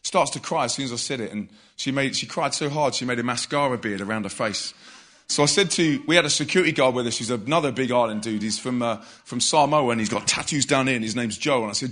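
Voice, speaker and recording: A man preaching to a live audience, telling a story with energy and loud bursts of emphasis. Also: mid-range voice, fast talker. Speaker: youth evangelist.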